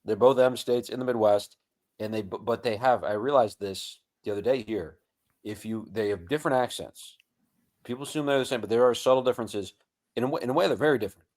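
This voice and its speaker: A man from Minnesota co-hosting a podcast, chatting casually in a measured, reflective way. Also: mid-range voice, darkish tone. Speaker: podcast co-host.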